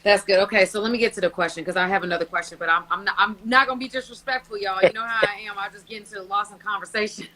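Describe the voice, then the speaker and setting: Bright chatty woman therapist. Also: medium pitch, rapid-fire, poor audio. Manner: lively, chatty, laughs often. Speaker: therapist and podcast co-host. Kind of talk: casual podcast chat.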